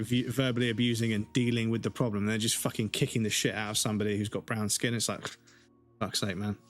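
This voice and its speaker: Profane, heated male streamer ranting. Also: lowish voice. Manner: heated, profane, swears constantly. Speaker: game streamer. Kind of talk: casual ranting chat while streaming.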